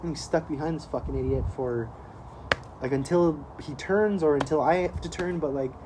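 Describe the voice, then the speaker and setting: A podcast co-host with a fairly high-pitched voice rambles through a story in casual conversation, swearing a lot and laughing along the way. He speaks at a moderate pace against a noisy background.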